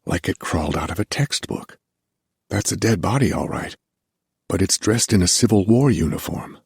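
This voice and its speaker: A male audiobook narrator voicing a shaken young musician who speaks in a hushed, hesitant way. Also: low-pitched, expressive, normal speed, creaky, husky, no room sound, studio quality, exaggerated voice. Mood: uneasy.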